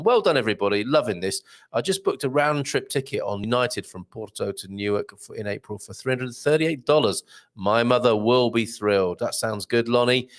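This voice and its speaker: A man hosting a casual live stream reads viewer comments aloud, rambling and chatty with plenty of fillers and a lively pitch.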